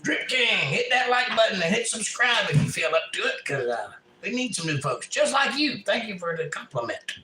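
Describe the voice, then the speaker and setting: A man's voice: high voice, very animated, normal speed, few pauses, heavy background noise. A man hosting a home live stream, singing and chatting with viewers in a casual, self-deprecating way. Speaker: live stream host and musician. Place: a house. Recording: roomy echo with loud guitar. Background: loud acoustic guitar.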